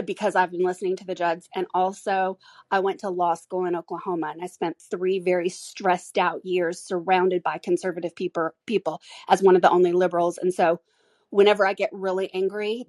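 A woman's voice: on the low side, a little mellow, no echo. A woman hosting a solo podcast, speaking candidly and emotionally with frequent restarts. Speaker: podcast host.

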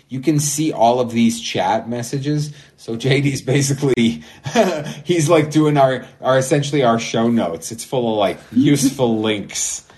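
Guy co-hosting a call-in podcast, rambly, lots of likes and little laughs, medium pitch. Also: a little mellow. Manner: rambling, laughs at own jokes, many fillers. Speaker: podcast co-host. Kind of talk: casual call-in podcast chat. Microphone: remote call-in app.

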